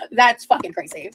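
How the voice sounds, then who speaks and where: A woman's voice: medium pitch, fairly bright tone, slightly rough, low-quality recording. A young adult woman chatting casually on a livestream, gushing over viewers' comments with lots of fillers. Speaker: livestreamer reading chat. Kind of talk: casual livestream chat while cooking.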